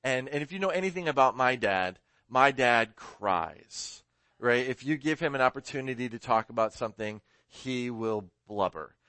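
A man's voice: mid-range voice, expressive, moderate pace, pushed and bright, no room sound. A man preaching a sermon, casual and rambling, often correcting himself and laughing along with his own story. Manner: rambling, self-correcting, chuckling. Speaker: pastor.

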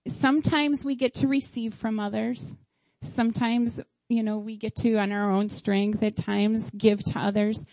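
A woman's voice: a little high, flat delivery, unhurried, few pauses, darkish tone, no echo, rough recording. A middle-aged woman giving a heartfelt sermon at a church service. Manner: heartfelt, tearful at times.

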